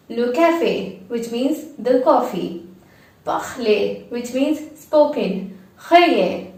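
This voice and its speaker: Woman, French lesson host, careful slow pronunciation, heard from a distance. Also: fairly high pitch. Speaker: French teacher. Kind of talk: bilingual language lesson. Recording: echoey room, voice from a distance.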